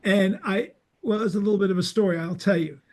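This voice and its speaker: An older man hosting a podcast, telling a long story in a casual, animated way and acting out the people in it. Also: high-pitched, fast. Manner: animated anecdotes, acts out dialogue. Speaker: podcast host.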